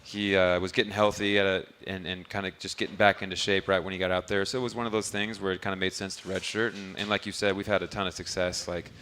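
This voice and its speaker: A man's voice: deep voice, flat delivery, fast talker, few pauses, sharp tone. A man who coaches basketball, telling rambling stories in an easygoing way during a live interview at a restaurant bar. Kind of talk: casual interview answers.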